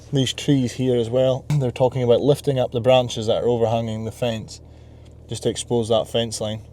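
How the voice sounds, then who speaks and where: A man's voice: medium pitch, a little mellow, a little hiss or hum. A man in his twenties, a landscape business owner, chatting casually as he talks through his workday outdoors. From Scotland. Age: 20s. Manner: chatty, self-talking, plans the workday aloud. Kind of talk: casual work vlog. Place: outdoors at work sites and yard.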